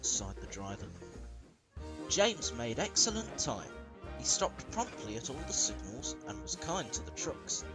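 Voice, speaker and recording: A man narrating a fan-made storybook tale in a lively, expressive way. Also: medium pitch, unhurried, over loud music, rough recording.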